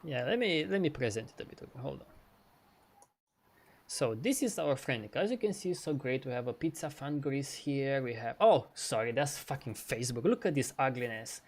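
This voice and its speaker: Animated, swearing man demoing software. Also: mid-range voice, moderate pace. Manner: animated and profane, mimics dialogue, laughs. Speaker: co-host. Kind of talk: casual chat, screen-share demo.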